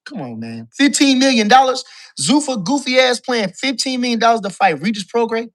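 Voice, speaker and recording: A man with a bright, forceful voice rants about boxing as a call-in guest. He swears freely and keeps repeating his points for emphasis. He sounds loose and heated. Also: very high-pitched, big pitch swings, a little fast. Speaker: guest caller, boxing commentator. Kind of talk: casual boxing talk rant.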